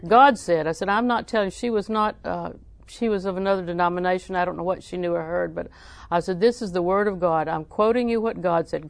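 A woman's voice: lowish voice, a little fast, creaky, dry recording. Woman preaching with folksy laughter. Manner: folksy storytelling with frequent laughs; emphatic repetition of scripture. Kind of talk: sermon.

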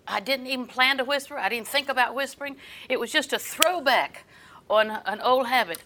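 An older woman preaching a sermon, folksy and storytelling, often dropping her voice soft. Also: high voice, normal speed, poor audio.

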